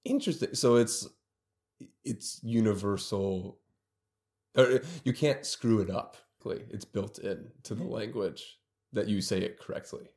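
A man's voice: lowish voice, a little slow, a little mellow. A male podcast host who reads a scripted intro, then chats casually and laughs along readily.

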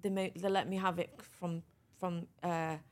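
Lively, frank woman guest telling stories. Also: lowish voice, a little slow. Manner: lively, frank, runs sentences together with restarts. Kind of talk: conversational storytelling interview.

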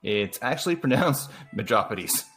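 A man's voice: lowish voice, lively intonation, moderate pace, fairly bright tone, breathy edge, faint music behind. Guy reading as a nervous little waiter, all "yes sir", voice bounces around. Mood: meek. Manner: meek, deferential. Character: timid nervous male waiter. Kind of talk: comedic scene reading.

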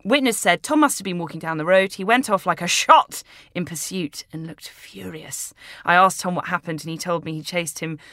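Woman co-host, bubbly casual chat, bright forward voice, lower pitch, dry mic. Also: normal speed, dry recording. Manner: bubbly, self-mocking, trails off mid-sentence. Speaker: podcast co-host.

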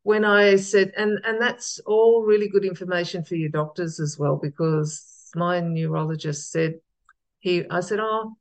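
A woman with a gravelly voice, chatting casually as a podcast guest and often restarting her sentences. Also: on the low side, fairly even intonation, normal speed, low-quality recording. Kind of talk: casual interview chat.

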